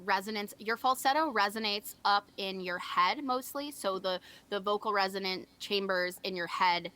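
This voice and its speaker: A woman's voice: mid-range voice, normal speed, pushed and bright. A young woman co-hosting a game stream, explaining singing technique casually with many fillers. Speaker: co-host.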